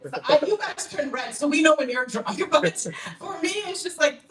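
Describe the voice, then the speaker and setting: Young canadian woman doing stand-up in a club, teasing the crowd, high voice, sounds kinda far off. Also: animated, moderate pace, a bit bright. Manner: brash, teasing crowd work, lots of "okay?". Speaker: stand-up comedian. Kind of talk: stand-up comedy set with crowd work. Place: comedy club stage.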